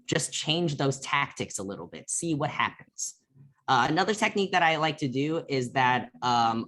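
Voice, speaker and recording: Young man teaching a poetry workshop on a video call, mid-pitched, casual and emphatic. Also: fairly bright tone. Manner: conversational, emphatic.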